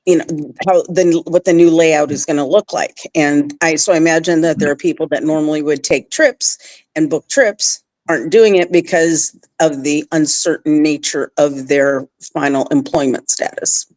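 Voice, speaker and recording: A woman chatting on a business roundtable in a relaxed, rambling way, with many fillers. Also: low voice, normal speed, no echo. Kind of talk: casual roundtable chat.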